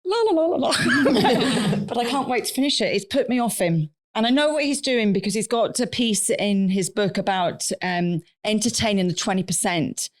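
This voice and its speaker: A woman co-hosting a live podcast in a studio, telling stories in a blunt, animated way and swearing freely. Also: mid-range voice, normal speed, hardly any pauses. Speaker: podcast co-host. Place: recording studio with a live audience.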